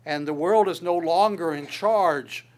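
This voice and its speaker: An earnest male preacher with a slightly high voice delivers a sermon. He swells louder on scripture quotes and drops to a soft voice on asides. He often restarts phrases by repeating a word. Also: measured pace. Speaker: pastor.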